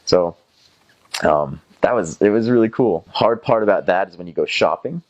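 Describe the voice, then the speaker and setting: A man's voice: lowish voice, animated, fairly quick, highs cut off. A young man from North Carolina with a Southern American accent, casually telling stories about his time as a missionary, rambling with lots of fillers and restarts and mimicking other people's voices. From North Carolina, USA. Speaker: former missionary. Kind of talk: casual first-person storytelling.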